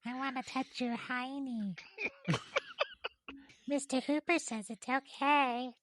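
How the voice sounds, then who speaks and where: Elmo, flirty. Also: male voice, steady tone, unhurried, fairly bright tone, slight background noise, low-quality recording. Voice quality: high squeaky falsetto.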